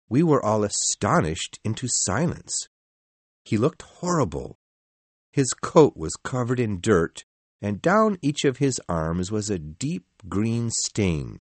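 A man narrating a story in the first person in a measured, expressive reading. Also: fairly low pitch, husky, no echo.

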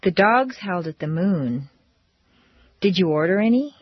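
A woman teaching pronunciation drills, speaking slowly and deliberately with exaggerated intonation. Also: lowish voice, lively intonation, husky, no room sound. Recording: dull dry lo-fi recording.

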